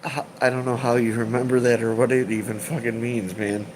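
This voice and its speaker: A man in his thirties chatting on a live stream, rambling and swearing, halting with fillers and repeats, emotional and choked up. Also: medium pitch, level tone, darkish tone, a little hiss or hum, low-quality recording. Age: 30s. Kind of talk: casual live-stream chat.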